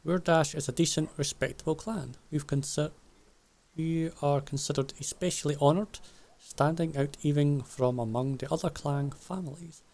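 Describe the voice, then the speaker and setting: A man's voice: a little high, steady tone, moderate pace, darkish tone, natural voice. A man reading as a proud dwarf smith. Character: proud male dwarf smith, stern about family honour. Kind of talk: reading game dialogue aloud.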